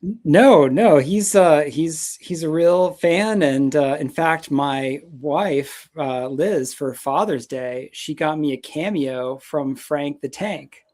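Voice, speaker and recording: A man's voice: fairly high pitch, takes it slowly, darkish tone. A man from the United States talking casually as a guest, rambling with many fillers and restarts. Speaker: guest, Mets fan. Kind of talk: casual chat.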